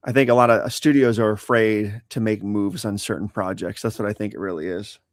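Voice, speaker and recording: A man co-hosting a live-streamed podcast, giving laid-back, measured opinions in casual chat. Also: on the low side, fairly even intonation, no echo, clean studio sound. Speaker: podcast co-host.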